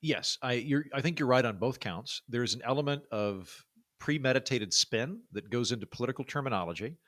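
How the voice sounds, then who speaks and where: Baritone guy from oklahoma chatting on a podcast, lots of uh's and restarts, dead dry mic. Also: lively intonation, fairly quick, a bit bright, no echo. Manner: chatty, many fillers and restarts. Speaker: podcast guest. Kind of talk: casual interview talk.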